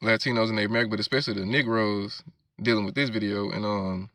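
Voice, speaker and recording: A man's voice: fairly low pitch, steady tone, quick pace, bright, forceful tone, dry recording, studio quality. A man preaching, reading scripture verses aloud and explaining them, often checking in with "all right?". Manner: keeps asking "all right?" and "you know what I'm saying".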